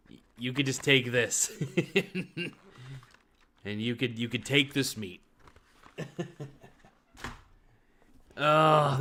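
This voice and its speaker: A man's voice: medium pitch, a bit bright, a little hiss or hum. Joking male livestream host, off the cuff. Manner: joking, off-the-cuff, laughs often. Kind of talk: casual live-stream chat reading comments.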